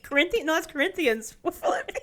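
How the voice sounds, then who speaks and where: A young adult woman co-hosting a podcast in casual chat, chiming in with quick, teasing remarks. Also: high voice, lively intonation, a bit bright, slight background noise. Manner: quick-witted, teasing interjections. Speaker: podcast co-host.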